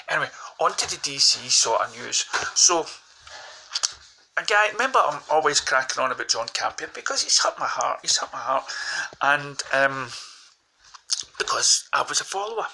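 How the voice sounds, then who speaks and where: Rambling Glaswegian man, gravelly voice. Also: medium pitch, animated, normal speed, pushed and bright, slight background noise, rough recording. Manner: rambling, hesitant, meandering. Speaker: vlogger. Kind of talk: casual rambling monologue. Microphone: phone held close.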